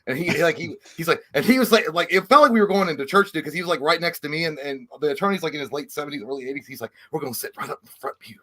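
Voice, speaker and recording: A man's voice: fairly high pitch, racing, hardly any pauses, fairly bright tone. A man, co-hosting a casual chat and telling crude, joking stories full of acted-out quotes. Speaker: podcast co-host.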